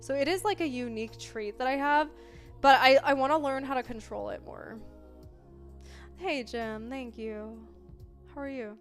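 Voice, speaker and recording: A young woman chatting casually on a live stream, expressive and full of filler words, jumping between loud bursts and mellow talk. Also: sits high, moderate pace, long pauses, soft background music. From Italian family background.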